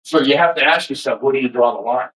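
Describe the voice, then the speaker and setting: A man ranting to camera in a passionate, energetic, heavily profane way, rambling and restarting as he makes his points. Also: medium pitch, fast, rough recording. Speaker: vlogger. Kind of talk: casual rant to camera.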